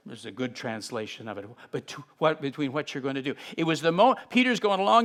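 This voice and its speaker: A fairly high-voiced, middle-aged man teaching from the Bible. He reads a passage, then breaks off into lively asides, swinging between soft and loud as he acts out the story. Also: fast, few pauses. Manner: animated, acts out scenes with sudden shifts in loudness.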